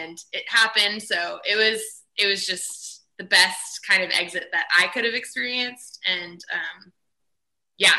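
Bright, animated young woman guest. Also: mid-range voice, poor audio. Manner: animated, chatty storytelling with many fillers. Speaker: guest, former reality cooking contestant. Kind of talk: casual interview chat.

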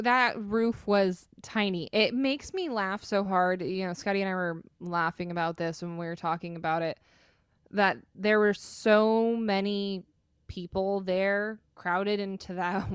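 A woman's voice: medium pitch, steady tone, slow pace, clear, resonant tone, no room sound, studio quality. A young adult woman co-hosting a casual podcast, talking in an enthusiastic, rambling way and laughing as she goes. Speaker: podcast co-host. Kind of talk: casual chat.

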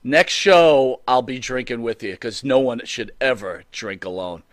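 A man's voice: medium pitch, expressive, a little slow, no echo, studio quality. A man hosting a podcast, teasing his guest in laid-back casual chat. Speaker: podcast host.

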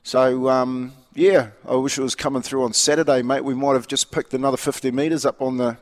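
A man's voice: medium pitch, steady tone, fairly quick, long reverb tail. A man with a New Zealand accent co-hosting a radio show, chatting casually and rambling about sport with lots of restarts. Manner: laid-back, matey, rambling with many restarts. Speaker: radio co-host.

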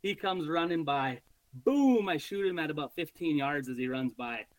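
A man guesting on a podcast, telling a hunting story in an animated, casual way and swearing freely. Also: a little high, brisk, dry recording, low-quality recording.

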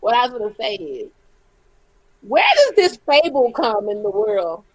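A woman's voice: mid-range voice, big pitch swings, unhurried, no room sound, low-quality recording. A woman in casual crude banter as a podcast co-host, blunt and outspoken.

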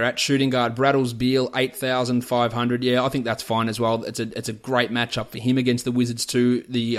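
A man hosting a casual sports podcast, with a voice sitting at an ordinary middle pitch. He reels off numbers and player prices in an easygoing, opinionated stream of analysis. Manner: rattles off player stats and prices in a chatty, opinionated way. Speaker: fantasy basketball podcast host.

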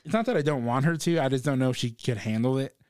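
A young man, a stand-up comedian, talking casually as a podcast guest, relaxed and often laughing. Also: mid-range voice, fast talker, no echo, studio quality. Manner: relaxed, agreeable, laughs as he tells stories. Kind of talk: casual conversation.

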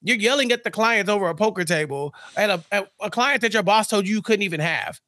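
A man's voice: high voice, expressive, fast, bright, forceful tone, no room sound. A man co-hosting a podcast, chatting casually and animatedly, acting out characters' lines as he recaps a TV episode. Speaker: podcast co-host.

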